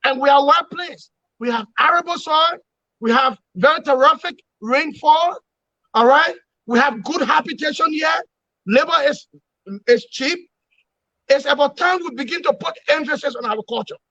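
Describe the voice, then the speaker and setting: A man giving forceful political analysis in an interview, emphatic and repetitive, lecturing his points. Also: extremely high pitch, normal speed, dry recording, dull audio. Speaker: opposition commentator.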